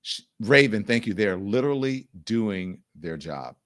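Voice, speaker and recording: A man's voice: on the low side, expressive, normal speed, fairly bright tone. A man hosting a live political commentary show, talking bluntly and indignantly and swearing freely. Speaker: show host.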